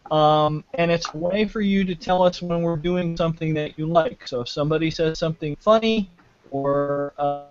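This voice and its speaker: A man hosts a live panel show over a video call from his home, his voice sitting a little high. He talks casually and haltingly, stopping and restarting with many fillers. The sound is dull and lo-fi, with glitches from a shaky connection. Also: soft background music. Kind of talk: casual hosting, introducing panel and trivia. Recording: dull lo-fi glitchy internet audio.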